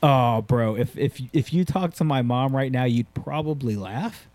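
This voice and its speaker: A man hosting a casual podcast, telling loose, swear-heavy stories with lots of energy. His voice has a dark, mellow tone, and the sound is dry and close with no room echo. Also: medium pitch, measured pace. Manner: profane, animated storytelling. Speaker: podcast host and skydiving instructor.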